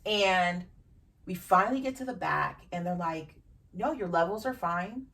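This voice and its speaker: A woman with a fairly low voice hosts a podcast and tells a deeply personal story. She speaks frankly and emotionally and swears casually. She sits some distance from the mic, so her voice sounds a little far off. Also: lively intonation, a little slow, a bit bright. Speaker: podcast host.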